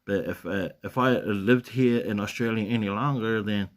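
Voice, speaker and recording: A man with a New Zealand accent chatting on a live stream, his voice sitting fairly low. He reads out viewer comments and answers them loosely, with lots of ums, restarts and easy chuckles. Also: normal speed, few pauses. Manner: rambling, many fillers and restarts, chuckles often. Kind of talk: casual live stream chat reading comments.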